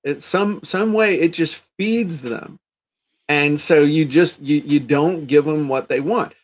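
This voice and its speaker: Male co-host, lively storyteller who acts out quoted people, stumbles over restarts, slightly raised pitch. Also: slow pace. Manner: frequent restarts and repeated words. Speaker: podcast co-host. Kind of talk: casual business chat.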